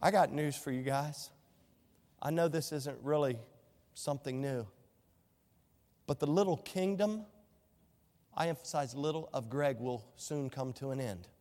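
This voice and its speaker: A man's voice: medium pitch, a little slow, long pauses, a little mellow, in a large hall. A male pastor preaching a sermon, quoting scripture and asking the congregation rhetorical questions.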